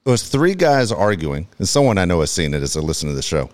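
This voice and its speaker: A man co-hosting a podcast, talking in gruff, profane, dismissive banter. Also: low-pitched, very animated, fast. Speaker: podcast co-host. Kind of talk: casual banter.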